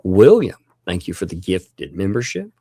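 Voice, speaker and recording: A man's voice: low voice, big pitch swings, measured pace, vocal fry, dry recording, clean studio sound. A man hosting a livestream, chatting casually, thanking viewers and laughing often. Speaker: livestream host.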